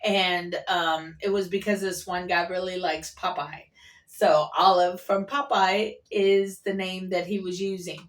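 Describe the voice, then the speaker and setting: Slow-talking woman, a bit off-mic. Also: lowish voice, fairly even intonation, far from the mic. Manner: rambling storytelling with fillers. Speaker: vlogger. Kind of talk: casual chat.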